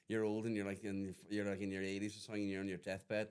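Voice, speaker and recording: A man chats as a podcast guest, rattling along at a quick clip. He swears freely and spins joking rants. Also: fairly low pitch, completely flat delivery, a little mellow, clear, resonant tone. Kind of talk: casual chat.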